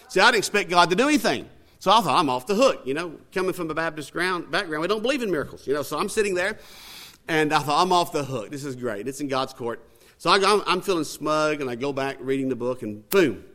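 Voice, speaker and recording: A man's voice: mid-range voice, a bit bright. A man giving a storytelling sermon, folksy and conversational, acting out the dialogue. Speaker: speaker at a religious gathering.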